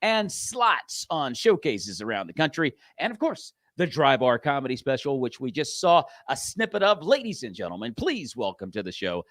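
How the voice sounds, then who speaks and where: A man's voice: medium pitch, huge pitch swings, normal speed, few pauses, fairly bright tone. A man hosting a live talk show, introducing and interviewing a guest in an upbeat, hyping manner.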